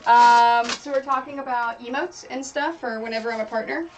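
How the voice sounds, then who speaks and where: Quilting in her home craft room on a stream, a woman rambles in casual chat full of fillers, her fairly high voice steady and moderately paced. The mic is distant and the recording muffled, with music playing behind her.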